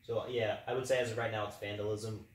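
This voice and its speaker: A man's voice: fairly low pitch, little pitch movement, fast. Man making his case in an echoey room. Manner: conversational, earnest, builds long arguments. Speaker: co-host. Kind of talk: casual podcast discussion. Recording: echoey room, distant mic.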